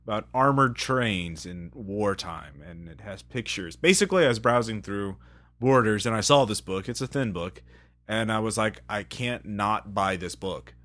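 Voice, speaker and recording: A man's voice: fairly low pitch, expressive, moderate pace, a bit bright. A man co-hosting a podcast, chatting casually in a dry, self-mocking way with frequent restarts. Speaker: podcast co-host. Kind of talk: casual banter about games and media.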